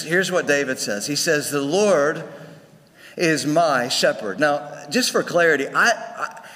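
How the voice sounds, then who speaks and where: Long reverb fills the church sanctuary as a male pastor preaches to his congregation. His voice is on the high side, pushed and bright, and his conversational delivery keeps restarting phrases.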